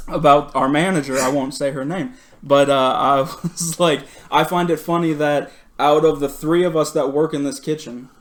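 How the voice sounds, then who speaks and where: Guy telling a story on a podcast, cussing a lot, laughing, kinda high voice. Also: unhurried. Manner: profane, animated, laughs while retelling. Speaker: podcast co-host. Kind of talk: casual storytelling chat.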